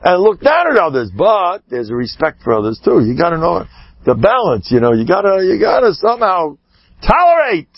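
A rabbi giving an animated sermon, swinging between shouting and hushed asides, with Yiddish and Hebrew words woven in. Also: male voice, sits high, brisk, no echo, muffled recording. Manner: peppers speech with Yiddish and Hebrew terms. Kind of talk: sermon storytelling.

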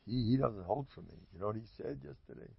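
A man telling stories in an animated, rambling way, chuckling and restarting his sentences often. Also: on the low side, fast, vocal fry, breathy edge, dry recording. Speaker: Hasidic storyteller giving a talk. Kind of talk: informal storytelling talk. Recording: dull lo-fi dry recording.

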